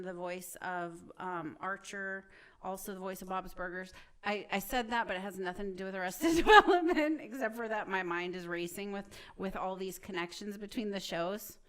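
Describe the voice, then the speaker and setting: A woman's voice: medium pitch, steady tone, moderate pace, fairly bright tone, clear, resonant tone. A woman co-hosting a casual show-review chat, upbeat and enthusiastic in her recommendations. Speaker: podcast co-host.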